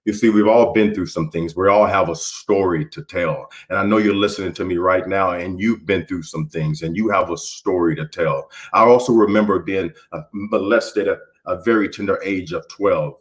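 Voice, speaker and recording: Low-voiced man giving a motivational speech. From Houston, Texas. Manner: preacher-like build-ups, repeating phrases and swinging from soft to forceful. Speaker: motivational speaker.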